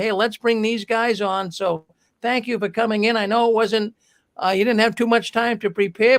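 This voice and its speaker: Male call-in host, high and gravelly, friendly and rambling. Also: a bit bright. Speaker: show host. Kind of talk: casual call-in show hosting.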